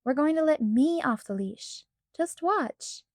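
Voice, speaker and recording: A woman reading aloud, voicing a bossy, impulsive ten-year-old girl who speaks boldly and loudly. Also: high-pitched, lively intonation, measured pace, no echo, clean studio sound, pitched above the performer's own voice. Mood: scheming. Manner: bold, scheming, loud.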